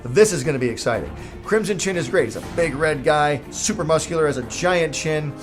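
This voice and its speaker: A man tells a jokey behind-the-scenes story about his cartoons in a casual vlog. His voice sits fairly high and swings widely, animated and self-mocking. Faint music plays behind him. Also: a little fast. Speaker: cartoon creator telling a story.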